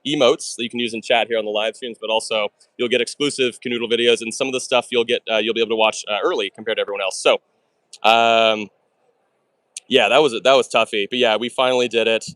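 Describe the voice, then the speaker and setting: Fast-talking man live-streaming a puzzle. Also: mid-range voice, dry recording. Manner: fast and chatty, talks through his moves; excitable, bursts of exclamations. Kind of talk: live stream chat while solving puzzles.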